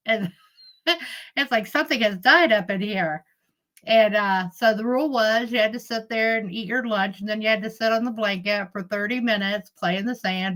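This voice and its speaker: A woman's voice: medium pitch, fairly bright tone, rough recording. A middle-aged woman, live streaming in casual chat, telling family stories with frequent laughs and greeting viewers. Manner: chatty storyteller, laughs often, greets viewers.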